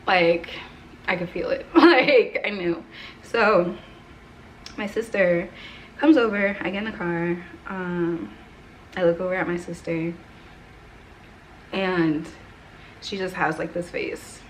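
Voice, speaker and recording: Woman in her 20s, lower voice, rambling story to camera, lots of "like", faint hiss behind. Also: fairly even intonation, slow pace, pauses often. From United States. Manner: rambling, heavy use of "like" and "right?". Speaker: vlogger. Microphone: camera mic.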